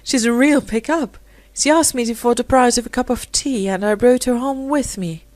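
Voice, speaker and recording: A woman's voice: fairly high pitch, normal speed, a little mellow, no room sound, pitched above the performer's own voice, lightly acted. Gushing young society lady, voiced by a woman. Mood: eager. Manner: gushing, eager.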